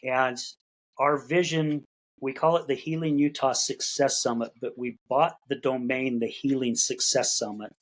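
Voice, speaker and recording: Heard on a rough recording, this middle-aged man talks steadily at normal speed in a medium pitch. As a podcast guest, he shares his story in a relaxed, folksy manner, repeating himself as he thinks and performing snippets of dialogue.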